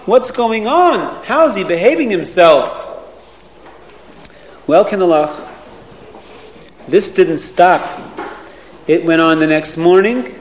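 An animated man tells children a story with a sing-song lilt and plenty of questions to them. His voice is fairly high, and the room echoes with a faint hiss underneath. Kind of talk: telling a moral story to children.

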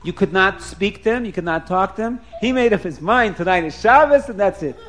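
Brief: male storyteller, high voice, lively anecdote delivery with frequent chuckles. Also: a little fast, a little hiss or hum. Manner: lively, chuckling often, repeats words. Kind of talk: animated storytelling.

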